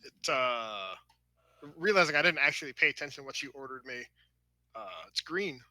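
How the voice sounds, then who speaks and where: A man's voice: medium pitch, animated, normal speed, sharp tone. A man playing in a tabletop game, trading dry, joking quips. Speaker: player. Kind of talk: casual tabletop play.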